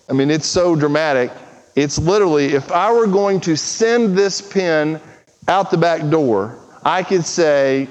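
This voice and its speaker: A pastor preaching an earnest, urgent sermon, acting out quoted prayers and conversations. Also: male voice, on the high side, measured pace. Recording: muffled, with long hall reverb.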